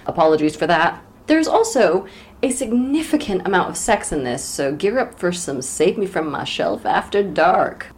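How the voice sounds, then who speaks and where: A woman's voice: on the low side, animated, normal speed. Wry woman co-hosting a book podcast. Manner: wry, joking asides. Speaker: podcast co-host. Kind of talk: casual book discussion.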